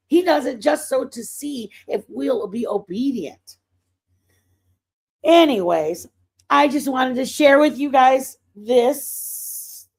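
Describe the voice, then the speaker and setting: Animated woman telling faith stories. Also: fairly high pitch. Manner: animated, breaking into excited outbursts. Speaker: livestream host. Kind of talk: casual faith storytelling.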